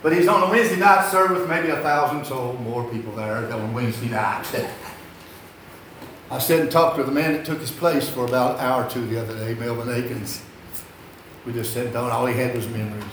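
A man's voice: medium pitch, moderate pace, fairly bright tone, slight background noise. An older man preaching a sermon, telling folksy, rambling stories and repeating his phrases. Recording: echoey hall.

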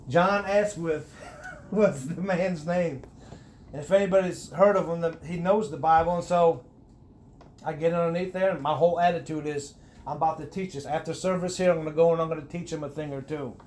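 A middle-aged man giving a personal testimony in a conversational interview, earnest, with many restarts, rising and getting animated at emphatic points. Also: fairly high pitch, normal speed. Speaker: guest sharing his testimony.

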